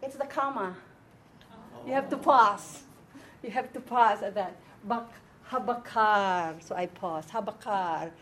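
A woman's voice: a little high, measured pace, pushed and bright. A woman teaching an informal Bible and Hebrew lesson to a small group, explaining step by step and often checking that her listeners follow.

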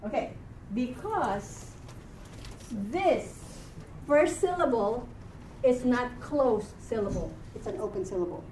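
A tired woman teaching a live reading class, chatty, quick to laugh and correct herself. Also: on the high side, lively intonation, darkish tone, slight background noise.

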